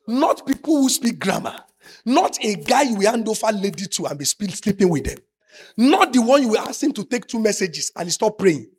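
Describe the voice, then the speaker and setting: High, husky preacher man. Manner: swings from soft asides to shouted emphasis. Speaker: pastor. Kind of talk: sermon.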